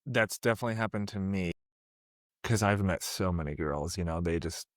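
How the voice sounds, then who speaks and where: A man's voice: deep voice, normal speed, dry recording, clean studio sound. An American man hosting a casual conversation, chatty and easygoing. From United States. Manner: easygoing, chatty, laughs along. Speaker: podcast host. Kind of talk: casual chat.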